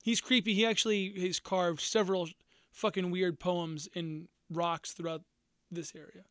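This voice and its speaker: High-voiced man. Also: flat delivery, unhurried, fairly bright tone, clear, resonant tone, no echo, studio quality. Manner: rambling, self-correcting storyteller. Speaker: podcast co-host. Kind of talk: casual podcast chat.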